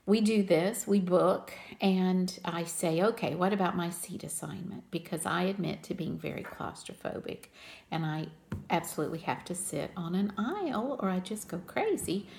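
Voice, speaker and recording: A woman's voice: medium pitch, creaky, darkish tone. An older woman chatting to her viewers as a cross-stitch vlogger, telling a travel story in a friendly, talkative way.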